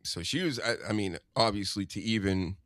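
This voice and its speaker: A man hosting a casual podcast chat, rambling and chatty with quick asides. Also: lowish voice, a bit bright, no echo, studio quality. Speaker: podcast host.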